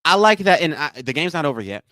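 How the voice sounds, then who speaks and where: A man hosting a live watch-along stream, calling plays, thanking donors, and repeating himself with excitement. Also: on the high side, quick pace, no echo. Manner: excitable, repeats phrases, says y'all a lot. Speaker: livestream watch-along host. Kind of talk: live game commentary and chat.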